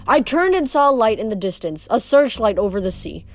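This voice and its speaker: A woman reading a novel aloud in steady first-person storytelling, with occasional stumbles and rereads. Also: a little high, fairly quick, soft background music. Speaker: reader.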